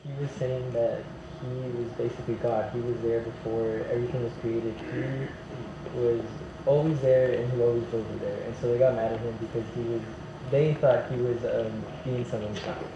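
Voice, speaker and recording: A man's voice: medium pitch, little pitch movement, normal speed, roomy sound, lo-fi sound, noisy background. A man in a church Bible class answering the teacher's question, thinking aloud a little hesitantly.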